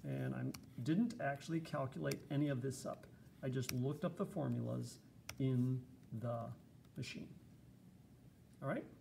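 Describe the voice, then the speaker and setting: A man's voice: medium pitch, measured pace, vocal fry, pauses often, dark tone, a little hiss or hum. A man giving a casual, chatty screencast lesson, explaining step by step with fillers. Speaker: teacher.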